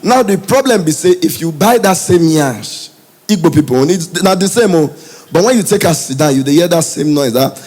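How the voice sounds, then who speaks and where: A Nigerian man doing stand-up comedy in Pidgin English, telling stories in an animated way. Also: on the high side, fairly quick. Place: comedy stage before a live audience.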